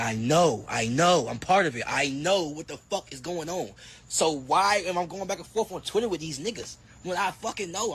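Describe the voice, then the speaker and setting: A young man in his twenties, a boxer, giving a heated, profane trash-talk rant that swings between loud and muttered. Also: mid-range voice, slight background noise. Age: 20s.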